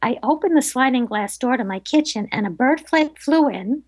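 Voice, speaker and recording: A middle-aged woman, a psychic medium appearing as a guest, tells stories in a relaxed interview with a somewhat high voice at normal speed. She is animated and acts out the people she quotes. The recording is close and dry, with no room sound.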